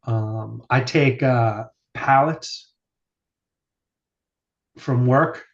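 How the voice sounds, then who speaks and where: A man's voice: mid-range voice, extremely slow, vocal fry. A man chatting casually on a podcast, rambling through stories with lots of fillers and the odd swear word. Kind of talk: casual chat. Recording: dull lo-fi sound.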